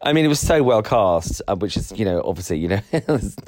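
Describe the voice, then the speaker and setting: A man co-hosting a podcast in casual chat, rambling, laughing often, his voice jumping high when excited. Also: a little fast, dry recording, clean studio sound. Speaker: podcast co-host.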